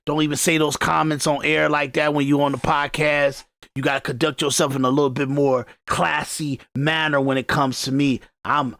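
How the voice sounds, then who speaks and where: A man's voice: a little high, a bit bright, dry recording, clean studio sound. A man putting on the voice of a haughty married woman who scolds a flirt in repetitive commands.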